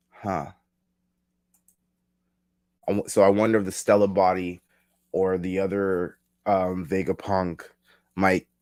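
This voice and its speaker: A man hosting a live manga reaction, casually thinking aloud, restarting his sentences and reading panels out loud. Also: low-pitched, no echo, studio quality. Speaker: reaction video host.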